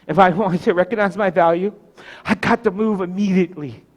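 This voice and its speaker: A man, the pastor, preaching a storytelling sermon, swinging from loud to hushed and slowing down for emphatic pauses. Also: sits high.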